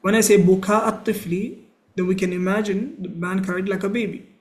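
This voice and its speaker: Male teacher, high voice, patient step-by-step grammar explainer. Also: steady tone, fairly quick. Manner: patient, explains step by step, asks and answers his own questions.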